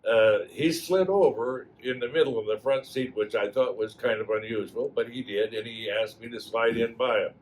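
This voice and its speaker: A man in his eighties from Wisconsin, a school alumnus, telling old stories in a halting way full of fillers. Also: mid-range voice, a little hiss or hum, low-quality recording. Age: 80s. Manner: halting, many fillers and restarts. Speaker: alumnus guest. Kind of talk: reminiscing storytelling.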